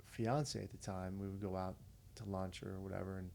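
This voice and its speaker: Man, low gravelly voice, mellow tone, earnest, conversational storytelling. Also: level tone, moderate pace, slight background noise. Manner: earnest, conversational, retells dialogue. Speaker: podcast guest, veteran. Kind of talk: casual storytelling.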